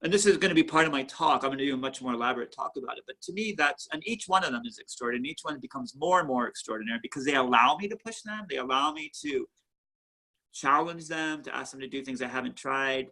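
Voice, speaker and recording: Bright-voiced, animated man telling stories. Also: medium pitch, fast. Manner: animated storyteller, repeats words and restarts. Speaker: museum founder and artist. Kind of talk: casual interview chat. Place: his home, indoors.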